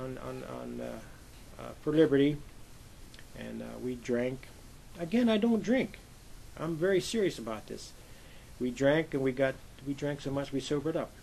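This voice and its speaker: An older man from Pennsylvania, a Navy veteran, telling lively anecdotes in an oral history interview and acting out the voices he quotes. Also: mid-range voice, vocal fry, a little hiss or hum, rough recording. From Pennsylvania, USA.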